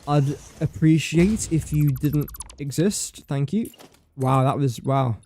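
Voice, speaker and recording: A man's voice: a little high, slow, a little mellow. A man chatting casually during a gameplay livestream, playful and self-mocking, talking to objects in the game. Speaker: game streamer.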